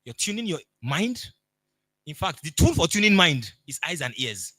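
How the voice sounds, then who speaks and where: Bright emphatic Nigerian man coaching. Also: a little high, very animated, moderate pace, dry recording. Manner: storytelling, emphatic, acts out dialogue. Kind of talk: motivational talk.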